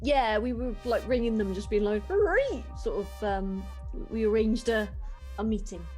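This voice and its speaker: A woman's voice: medium pitch, fairly even intonation, normal speed, warm tone, soft background music. A woman playing a tabletop game, joking in and out of character with a giggly manner. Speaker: player. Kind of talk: tabletop role-play banter.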